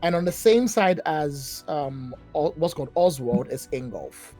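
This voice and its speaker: Chatty game master, lively pitch. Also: male voice, measured pace, faint music behind. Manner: chatty, self-mocking. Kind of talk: narrating a tabletop game.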